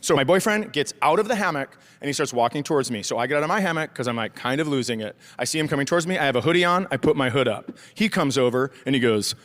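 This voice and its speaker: A middle-aged man doing stand-up storytelling with animated, crude delivery that jumps higher for the punchlines. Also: fast talker, few pauses, big-room sound. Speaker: stand-up comedian.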